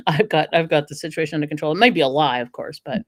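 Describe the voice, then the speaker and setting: A lower-pitched woman in middle age chats casually as a podcast guest. She tells animated stories and slips into the voices of the people she quotes. The sound is close and dry, with no room around it. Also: fast, no room sound. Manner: animated storyteller who acts out quoted voices. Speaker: dog trainer and author, podcast guest. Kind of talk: casual storytelling conversation.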